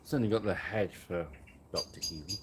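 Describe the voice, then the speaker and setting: Hosting a casual live chat in a garden at night, a man rambles, jokes at his own expense and laughs frequently. His voice is on the low side, with background noise audible.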